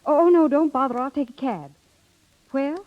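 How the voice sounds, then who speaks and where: An actress playing a proud, principled young secretary in a vintage radio drama, with a brisk, spirited delivery. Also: female voice, high voice, close to an everyday voice. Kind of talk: 1940s radio acting. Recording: muffled old radio recording with music.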